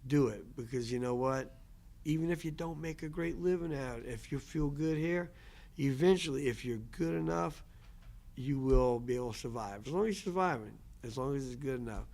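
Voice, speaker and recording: A man's voice: mid-range voice, normal speed, gravelly, a little mellow. A man who teaches language, speaking in a casual, earnest lecture style with frequent restarts and repetition. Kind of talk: casual lecture answering questions.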